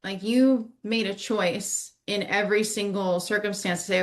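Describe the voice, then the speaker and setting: A woman hosting a podcast interview, speaking in a measured, reflective way. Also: mid-range voice, steady tone. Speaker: podcast host.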